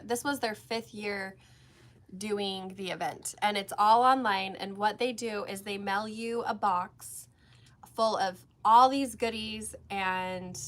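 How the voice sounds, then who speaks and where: A woman's voice: mid-range voice, a bit bright. A woman co-hosting a casual craft-shop livestream, chatting and laughing while she stitches. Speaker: shop co-host.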